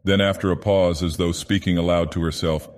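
A grand, menacing ancient god-villain, voiced by a man, reads a storybook tale in a very deep, slow, theatrical voice. Long reverb hangs behind every word, so he sounds as if he speaks from a vast hall. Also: steady tone, lightly acted. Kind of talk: audiobook narration in character.

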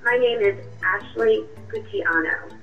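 A woman voicing a sharp, confrontational young girlfriend in a radio drama, with a cutting, accusing way of talking. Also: medium pitch, unhurried, natural voice. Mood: triumphant. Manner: cutting, accusing, coolly triumphant. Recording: muffled distant voice with music.

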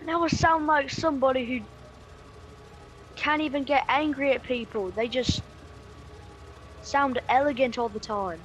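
A man's voice: very high voice, unhurried, pauses often, fairly bright tone, muffled recording, slight background noise. A man voicing a grumpy robot sidekick in a put-on British accent, indignant and sarcastic. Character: grumpy robot companion with swapped voice boxes.

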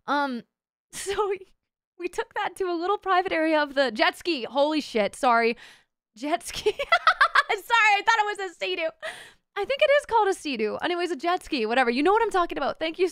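High-pitched, loud, foul-mouthed young woman. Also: clear, resonant tone, no room sound, studio quality. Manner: loud, rambling, swears a lot, laughs and shouts. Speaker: streamer. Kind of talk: casual chat.

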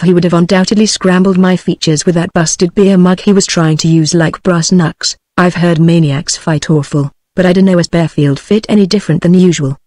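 A woman's voice: on the low side, no room sound. Dry synthetic British woman narrating. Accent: British English. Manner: steady, even synthetic delivery. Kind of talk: text-to-speech audiobook reading.

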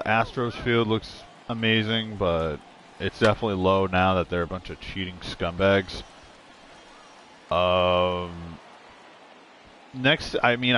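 A gaming streamer gives casual, rambling let's-play commentary, blunt and full of swearing. His voice sits low and sounds a bit bright, with slight background noise.

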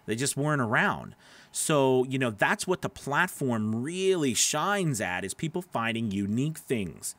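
A man's voice: mid-range voice, sing-song, a little slow, fairly bright tone, dry recording. A man, a voice actor, hosting a casual live stream, rambling with lots of fillers and restarts while answering viewer comments by name.

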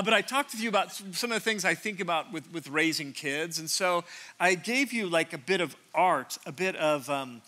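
A man's voice: fairly high pitch, pushed and bright. A man around sixty preaching a conversational sermon from a church stage, joking and self-deprecating, often restarting his sentences. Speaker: pastor.

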